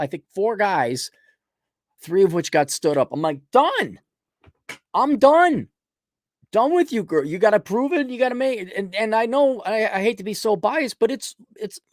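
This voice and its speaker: Casting: male livestream host, blunt and sarcastic, lively swinging pitch, dry close sound. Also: dry recording. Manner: blunt, sarcastic, mocking asides. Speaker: podcast host reading viewer donations. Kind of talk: casual livestream chat.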